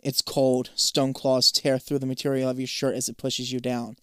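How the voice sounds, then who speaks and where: A man's voice: mid-range voice, level tone, normal speed, a bit bright, clean tone, no room sound, clean studio sound. A man reading a choose-your-own-adventure book aloud in a casual way, swearing offhand between passages. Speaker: gamebook reader.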